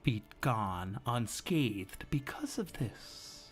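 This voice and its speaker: A pale male vampire lord, as a game master puts him on, calm and collected, drawing out every word at a crawl. His voice sinks low and turns to a breathy whisper. Faint music hums behind him. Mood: coldly menacing. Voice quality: slow, soft, whispery menace.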